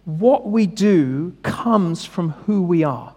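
A man's voice: sits high, animated, slow, dark tone, big-room sound. A man preaching a sermon in a conversational, emphatic way, often asking his listeners questions.

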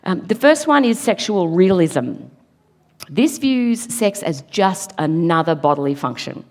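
A woman's voice: fairly low pitch, lively intonation, measured pace. A middle-aged woman giving an earnest, emphatic church talk, now and then laughing at her own slips. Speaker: preacher. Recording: long hall reverb.

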